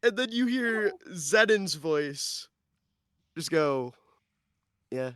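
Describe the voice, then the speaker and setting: A man in the game master's seat, describing rooms at a deliberate pace and slowing down for the eerie parts. His voice sits a little high for a man, and the sound is close and dry with no room around it. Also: lively intonation, a bit bright, dry recording. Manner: descriptive, slowing for dramatic narration. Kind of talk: narrating a tabletop game.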